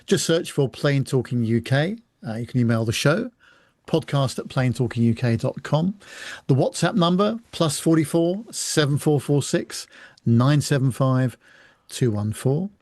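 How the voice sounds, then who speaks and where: A man co-hosting a podcast, reading out contact details in a brisk, matter-of-fact way. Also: medium pitch, lively intonation, a little mellow, no room sound. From United Kingdom. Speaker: podcast co-host.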